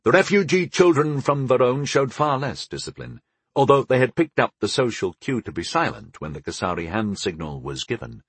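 A man narrates a fantasy novel in the first person with an expressive storytelling manner. His voice is husky and moves a lot in pitch, recorded dry and close. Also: normal speed, dry recording. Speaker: audiobook narrator.

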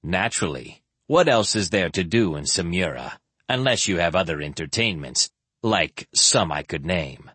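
A man doing a drunken, cynical mercenary in a low, slurred, mushy voice. He sneers through every line, husky and heavy. Close, dry sound. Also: lively intonation, moderate pace, fairly bright tone, dry recording, full character voice. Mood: sneering.

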